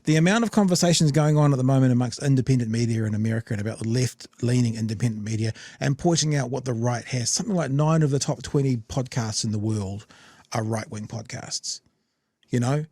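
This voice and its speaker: A man's voice: mid-range voice, fairly quick, dark tone, no room sound. A man with a New Zealand accent hosting a podcast, rambling in casual commentary with frequent restarts. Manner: rambling, conversational, many restarts. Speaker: podcast host.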